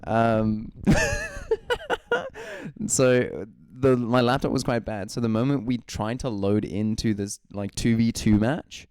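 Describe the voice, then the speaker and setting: A man's voice: lowish voice, fairly even intonation, takes it slowly, darkish tone, smooth, no echo. A man co-hosting a casual gaming podcast, telling rambling stories and laughing often. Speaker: podcast co-host.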